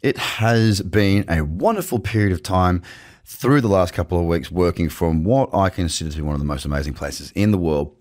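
A man's voice: deep voice, moderate pace, darkish tone. A man hosting a crypto show, talking casually and chattily to camera from his office, with jokey asides. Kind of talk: casual market commentary to camera. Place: home office with screens. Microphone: webcam setup.

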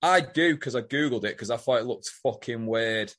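A man's voice: medium pitch, moderate pace, fairly bright tone. A man, co-hosting a podcast, making blunt, sweary asides in casual chat. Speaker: podcast co-host.

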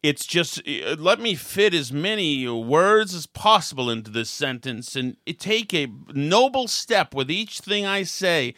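A man's voice: a little high, sing-song, measured pace, few pauses, bright, forceful tone, dry recording, studio quality. A man hosting a political talk show, ranting with sarcastic exasperation. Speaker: host.

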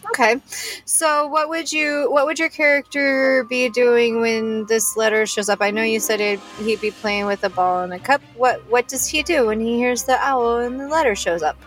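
A woman's voice: a little high, normal speed, fairly bright tone, faint music behind, poor audio. A woman running a tabletop game as game master, chatty and giggly with casual swearing.

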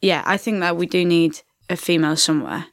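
A woman's voice: on the low side, brisk, creaky, no echo, studio quality. A woman, chatting casually as an interview guest and often repeating herself with fillers. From England. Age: 20s. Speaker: rugby player guest.

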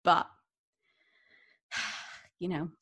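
A woman co-hosting a podcast, speaking in relaxed casual chat and laughing between remarks. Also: extremely slow. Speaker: podcast co-host.

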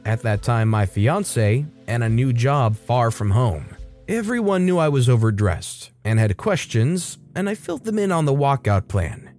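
A man's voice: mid-range voice, warm tone. Man narrating a story over faint music. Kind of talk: reading a Reddit story aloud.

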